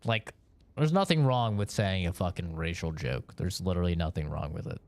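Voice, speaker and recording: A man's voice: sits low, expressive, fairly quick, darkish tone, no room sound. A young man from Oregon, chatting casually with his stream chat in a rambling, profane way, laughing between points.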